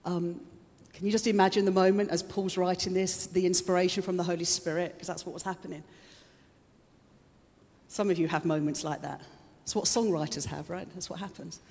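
A woman's voice: lowish voice, fairly even intonation, fairly quick, darkish tone. A woman giving a chatty, conversational sermon, openly emotional and laughing often. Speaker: preacher. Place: church hall. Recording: long hall reverb.

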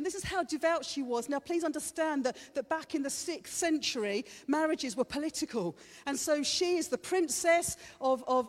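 Woman preacher, high pitched, playful sermon, live hall echo. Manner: chatty, playful, teases the congregation. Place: church hall. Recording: reverberant hall.

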